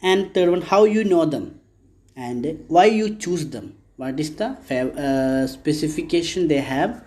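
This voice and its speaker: Man teacher, Indian English accent, slow and patient, mellow voice. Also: fairly high pitch, lively intonation. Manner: slow, repetitive, checks understanding with "okay? is it clear?". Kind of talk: classroom lesson explanation.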